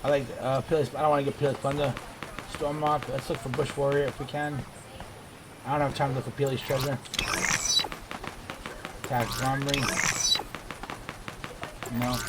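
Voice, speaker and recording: A man's voice: mid-range voice, level tone, normal speed, pauses often. A man giving rambling, digressive commentary while he plays a game. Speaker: gaming video creator. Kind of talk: casual gameplay commentary. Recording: background noise.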